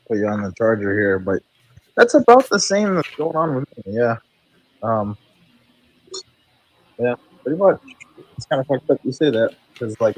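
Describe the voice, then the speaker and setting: Low-voiced man, loose laughing chat. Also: breathy edge, low-quality recording. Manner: loose, profane, laughs often. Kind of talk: casual chat.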